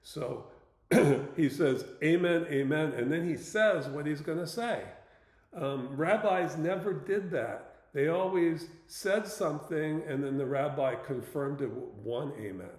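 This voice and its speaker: A man giving an informal Bible teaching talk, plain-spoken and unhurried, pausing with fillers as he explains. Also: on the high side, lively intonation, a little mellow, reverberant.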